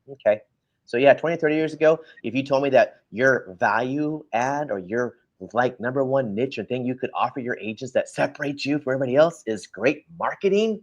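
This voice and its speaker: A man co-hosting a casual talk show, ranting bluntly and lecturing the listener directly. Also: mid-range voice. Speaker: podcast co-host.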